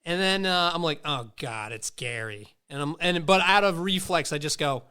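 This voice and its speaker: A man in his late thirties tells stories in a loose, foul-mouthed chat, acting out every voice in them. His voice sits a bit high and rings bright and clean. His pitch swings all over the place as he talks. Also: fairly quick, hardly any pauses, smooth. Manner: profane, animated, acts out quoted voices. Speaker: podcast host. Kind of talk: casual storytelling chat.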